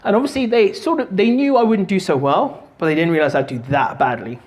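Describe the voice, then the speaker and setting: A man giving a motivational talk, telling a story in an animated, jokey way and doing voices. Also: high-pitched, fairly quick. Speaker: motivational speaker and stand-up comic.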